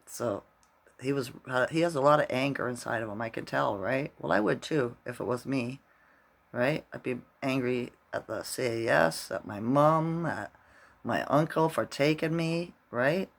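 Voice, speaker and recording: A man's voice: mid-range voice, normal speed, vocal fry. A middle-aged man vlogging casually, rambling through a story and tagging his sentences with "right?".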